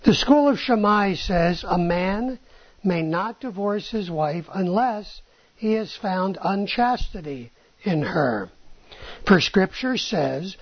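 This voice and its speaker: A woman's voice: medium pitch, expressive, takes it slowly. A woman teaching a class on rabbinic texts, often checking in with "right?" and "okay?" and asking rhetorical questions. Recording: dull lo-fi recording.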